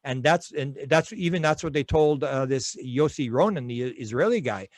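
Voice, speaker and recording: In this conversational interview, the male guest sounds animated at a normal speed, his medium-pitched voice recorded without echo. His storytelling wanders, full of restarts.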